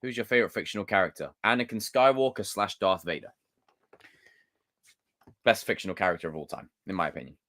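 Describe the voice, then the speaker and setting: A man hosting a livestream, reading viewer comments aloud in a loose, excitable, joking way with some swearing. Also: fairly low pitch, fast talker, long pauses. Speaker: livestream host.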